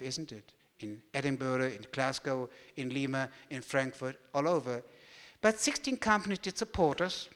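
German man, high voice, animated storyteller at a talk, large echoing hall. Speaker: speaker giving a talk.

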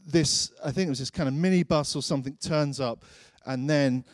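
A man's voice: on the high side, moderate pace, no room sound, studio quality. A man preaching a sermon, telling a personal story in a chatty way and acting out his own thoughts.

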